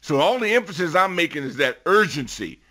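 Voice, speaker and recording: Middle-aged guy on sports radio, super emphatic, bright punchy voice, gets loud on his points. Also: on the high side, very animated, brisk. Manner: emphatic, builds to loud bursts. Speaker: guest football analyst.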